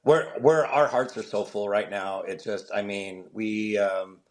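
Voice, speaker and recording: Lower-voiced man telling animated stories. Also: a little slow. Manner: animated, acts out the voices of people in his stories. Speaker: comedian and guest. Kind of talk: storytelling in an interview.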